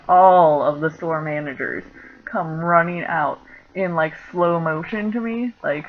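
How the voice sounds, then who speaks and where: A young woman chats through a story in a casual home vlog, with a mid-range voice and an easy, rambling manner full of filler words. She laughs now and then as she goes. The sound is dull and lo-fi, with a faint hiss behind her. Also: medium pitch. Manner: chatty, laughing, lots of "like" fillers. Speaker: vlogger.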